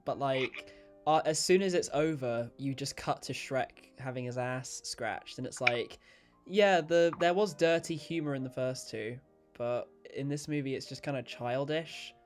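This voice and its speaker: A man's voice: mid-range voice, measured pace, faint music behind. A young man hosting a podcast, chatting casually about films, swearing and laughing often. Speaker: podcast host.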